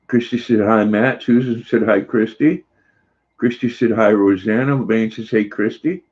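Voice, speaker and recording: An older man hosting a casual livestream, slowly reading out viewer comments and cooing fondly at his dog. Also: fairly low pitch, fairly even intonation, a little mellow, breathy edge. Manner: slow, folksy, reads comments aloud and coos at his dog. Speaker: livestream host. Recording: slightly dull lo-fi sound.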